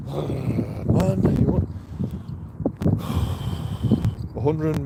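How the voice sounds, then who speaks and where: A man's voice: fairly high pitch, very slow, creaky, pauses often. Rambling, profane man on a street. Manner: profane, rambling, laughs to himself. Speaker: street video blogger. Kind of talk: rambling outdoor monologue. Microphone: handheld camera. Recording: street ambience and traffic noise.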